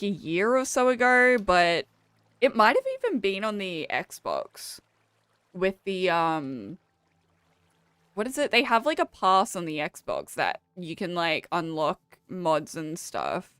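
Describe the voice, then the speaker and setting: Chatty Australian woman streamer, smooth voice. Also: on the low side, big pitch swings, slow, a bit bright, no echo. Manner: chatty, laughs often, swears casually. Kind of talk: casual chat while gaming.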